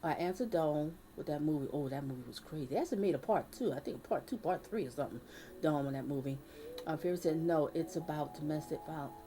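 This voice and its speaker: A woman's voice: low-pitched, quick pace. A woman hosting a live advice stream, chatting with viewers and leading a prayer. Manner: chatty, reads out viewer comments, prays earnestly.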